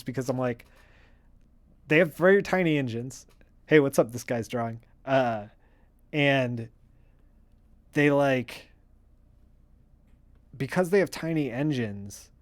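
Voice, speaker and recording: Guy on a coloring stream rambling away, lots of ums, gets worked up fast, middle pitch. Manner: rambling, excitable, lots of fillers. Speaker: streamer coloring comic art. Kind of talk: casual livestream chat.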